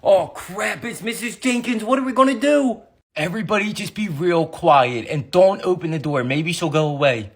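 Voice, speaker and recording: A sketch comedian playing every role in a family comedy sketch, switching between put-on voices and often shouting. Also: mid-range voice, moderate pace, husky, no room sound, clean studio sound. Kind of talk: one-man comedy sketch with many voices.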